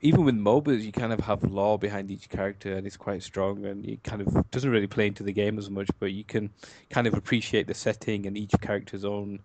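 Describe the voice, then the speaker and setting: A man's voice: on the low side, fairly even intonation, fairly quick, hardly any pauses, background noise. A man from England chatting casually on a podcast, hedging a lot with filler phrases. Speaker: podcast co-host. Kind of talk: casual chat.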